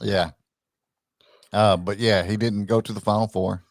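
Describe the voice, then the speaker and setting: Very low, agreeable male co-host, laughs easily, dry close sound. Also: fairly even intonation, a little slow, no echo. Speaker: podcast co-host. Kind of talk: casual sports chat.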